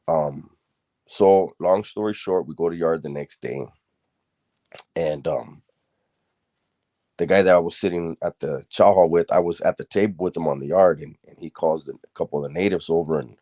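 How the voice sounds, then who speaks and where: A man's voice: deep voice, moderate pace, mellow, dry recording. A middle-aged man telling a story casually, streetwise and blunt, rambling with fillers and restarts and swearing freely.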